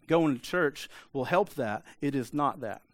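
A man's voice: mid-range voice, animated, a little slow. A man preaching a sermon in a conversational way, often asking the congregation for an amen. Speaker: pastor.

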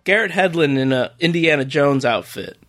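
A man's voice: a little high, animated, moderate pace, fairly bright tone. A man co-hosting a movie podcast who rambles and sounds incredulous, full of filler words. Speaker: podcast co-host. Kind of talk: casual movie review chat.

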